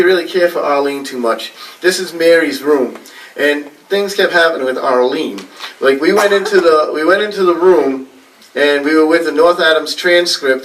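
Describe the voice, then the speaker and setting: In a library meeting room, a man with a New England accent gives a casual storytelling talk, rambling and chatty with lots of fillers and laughs. His voice is a little high and fairly bright, and he sounds a bit far from the mic.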